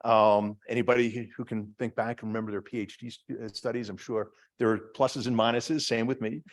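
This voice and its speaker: A man's voice: mid-range voice, fairly even intonation, fairly quick. A middle-aged man with a Boston accent, a department head giving a chatty, self-deprecating talk to an audience, with many fillers and restarts. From Massachusetts. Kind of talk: lecture to an audience.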